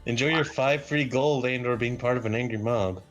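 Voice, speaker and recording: A man playing a tabletop game, casual and joking, quick to argue over the rules. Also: mid-range voice, fairly bright tone, lo-fi sound, faint music behind. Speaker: player.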